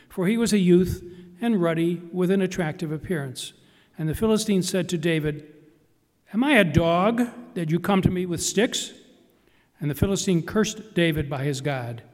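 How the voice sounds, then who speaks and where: A man reading scripture aloud in church, in a measured, solemn way. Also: high-pitched, a little mellow, big-room sound. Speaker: scripture reader. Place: church sanctuary.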